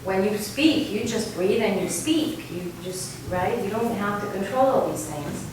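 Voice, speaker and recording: A woman's voice: mid-range voice, animated, a little slow, background noise. A woman from Argentina leading a choir workshop as vocal coach, demonstrative, often checking with "right?", recorded from far off in an echoey room. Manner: demonstrative, sings example sounds, frequent "right?". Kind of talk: workshop teaching.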